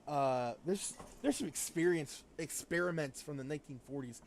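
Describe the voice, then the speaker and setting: Guy doing a creepy eager japan character, way higher voice. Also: normal speed, vocal fry.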